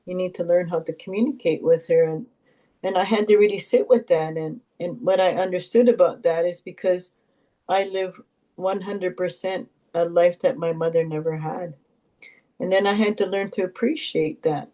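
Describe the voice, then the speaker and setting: An older woman, an Elder from Canada, sharing heartfelt stories and teachings in a gentle, reflective way with pauses and repetitions. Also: fairly low pitch, fairly even intonation, poor audio. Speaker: Elder and knowledge keeper.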